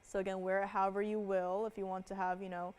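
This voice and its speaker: A woman's voice: mid-range voice, little pitch movement, fast, darkish tone. A woman hosting a live jewelry shopping show, talking casually with frequent laughs and fillers as she describes pieces and answers viewers. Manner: chatty, laughs often, many fillers. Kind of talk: live home-shopping presentation.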